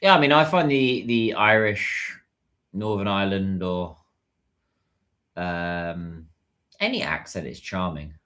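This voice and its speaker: A man's voice: low-pitched, slow pace, long pauses, fairly bright tone. A British man hosting a casual livestream, chatting and answering viewer messages. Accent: British English. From United Kingdom. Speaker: livestream host.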